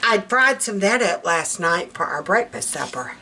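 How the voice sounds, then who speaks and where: A woman's voice: medium pitch, lively intonation, moderate pace, bright, forceful tone, slight background noise. A woman from South Alabama with a Southern accent, chatting folksily to her viewers while she cooks in her home kitchen. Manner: chatty and folksy, calls viewers girl and baby. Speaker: home cooking vlogger. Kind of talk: casual chat.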